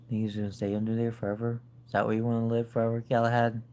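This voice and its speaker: A woman streaming casually from home, cooing and calling out excitedly to her cat. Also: a bass voice, quick pace, few pauses. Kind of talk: casual live-stream chat.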